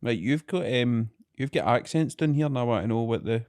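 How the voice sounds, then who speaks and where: Laid-back Glaswegian man, lively pitch. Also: brisk, no echo, clean studio sound. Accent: Scottish, Glasgow area. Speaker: podcast co-host. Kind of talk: casual chat.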